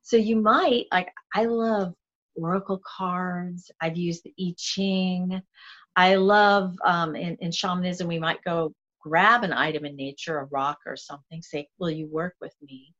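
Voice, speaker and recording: A middle-aged woman with a lowish voice talks through shamanic practice, earnest and animated, restarting her phrases as she goes. The audio is dull and lo-fi. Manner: earnest, animated, self-correcting speech. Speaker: shamanic guest. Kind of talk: casual conversation.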